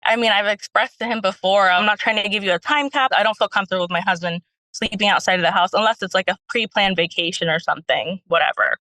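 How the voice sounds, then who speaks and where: A woman's voice: medium pitch, fast talker, sharp tone, dry recording, rough recording. A young woman calling in as a stay-at-home mom, telling her story in a rambling way with many fillers. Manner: rambling, lots of fillers, retells quotes.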